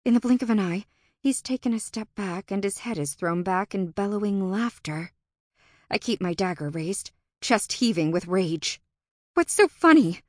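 A woman narrating a first-person fantasy audiobook in an expressive, tense and dramatic manner. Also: mid-range voice, moderate pace, no echo, clean studio sound.

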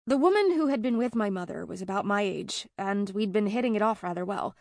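A woman narrating a first-person fantasy audiobook in an even, conversational way. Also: medium pitch, fairly quick, vocal fry, dry recording, clean studio sound.

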